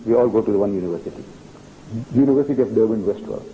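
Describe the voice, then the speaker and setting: An older man, giving an animated public religious lecture and telling stories with acted-out dialogue. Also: on the low side, racing, lo-fi sound, slight background noise. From South Africa. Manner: animated storytelling, acting out dialogue. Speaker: preacher.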